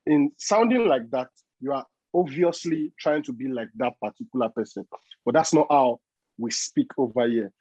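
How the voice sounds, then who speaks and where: A man, a joking and animated panelist in a studio chat. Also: mid-range voice, husky, no room sound, dull audio. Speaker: guest panelist.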